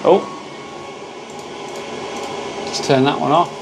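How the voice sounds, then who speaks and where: Brief: male live-stream host, relaxed chatty delivery, friendly greetings to viewers, clear background machine noise. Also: a little high, takes it slowly. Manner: chatty, greets viewers and calls them mate. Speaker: livestream host. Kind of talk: casual live-stream chat. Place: home workshop with laser machines.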